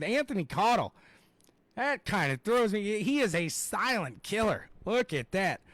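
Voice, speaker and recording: This is a young man calling a race live, his voice sitting a little high for a man. He talks in an excitable, rambling way, full of fillers and asides. The sound is dry and close, with no room echo. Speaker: race commentator. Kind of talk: live play-by-play commentary.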